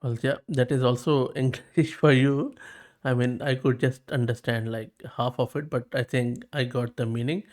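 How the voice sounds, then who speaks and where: A man hosts a tech walkthrough in a casual, chatty voice. He talks at an even pace and often pauses on fillers. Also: medium pitch. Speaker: tech video host.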